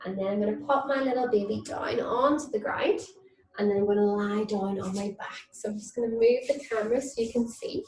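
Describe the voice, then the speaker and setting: A woman leading a mum and baby yoga class, gentle and encouraging, recorded in a room away from the mic. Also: medium pitch, steady tone, brisk. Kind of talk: online yoga class instruction with nursery songs. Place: indoor room, moving around on camera. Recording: echoey room, mic at a distance.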